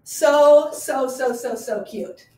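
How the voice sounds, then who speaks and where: The voice sits high and is a little mellow, moving at a slow pace through an echoey room. It belongs to a woman who runs a small garage boutique, enthusiastically chatting as she displays clothes in a live online showcase.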